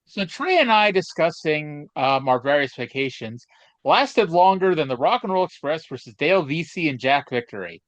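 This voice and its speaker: A man's voice: a little high, big pitch swings, moderate pace, a bit bright, dry recording. A man co-hosting a casual chat podcast, telling stories in a rambling, hesitant way with many fillers. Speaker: podcast co-host. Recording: dull lo-fi dry sound.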